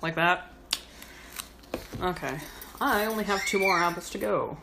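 Knife chopping and kitchen sounds accompany a woman cooking at home, who chats loosely with swearing and self-deprecating jokes. Her voice is on the low side and creaky, moving at a measured pace.

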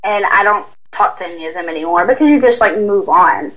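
A woman's voice: fairly low pitch, animated, a little fast, a bit bright. A young woman with a Southern US accent, chatting as a guest in a laid-back way, full of "like" fillers. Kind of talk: casual chat. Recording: tinny phone line.

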